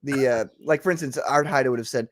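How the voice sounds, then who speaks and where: A man's voice: mid-range voice, brisk, no echo. A man hosting a casual live-streamed chat show, joking, laughing often and tripping over his words. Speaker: talk show host.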